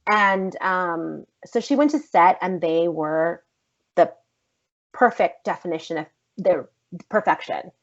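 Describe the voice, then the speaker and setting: A woman actress telling a story in a casual podcast interview, animated and emphatic, swearing freely. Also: fairly low pitch, slow pace. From United States. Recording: slightly dull lo-fi podcast audio.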